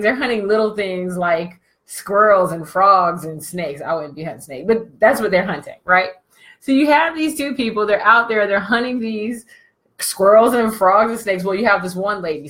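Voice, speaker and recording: A woman business coach telling a comic story in a slangy, animated way, laughing often. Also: medium pitch.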